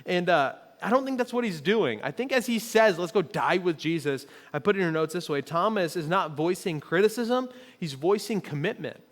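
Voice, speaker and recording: Guy pastor giving a chatty sermon, kinda high voice, cracks jokes, echo trails off in a big church hall. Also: normal speed, few pauses. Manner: joking, animated, acts out quoted voices. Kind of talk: conversational sermon. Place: church auditorium. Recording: long reverb of a large hall.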